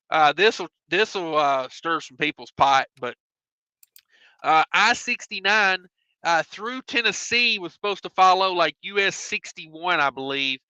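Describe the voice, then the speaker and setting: A man's voice: sits high, sharp tone, clear, resonant tone, dry recording, low-quality recording. A man hosting a trucking live stream, chatting casually and reading viewer comments aloud with easygoing fillers. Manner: easygoing, drawn-out filler sounds, reads chat aloud. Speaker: host of a trucking live show.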